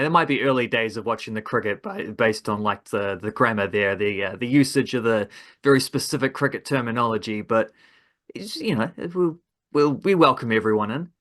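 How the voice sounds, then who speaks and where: Co-host, man, bright tone, relaxed and easygoing delivery. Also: medium pitch, a little fast. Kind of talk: casual sports podcast chat.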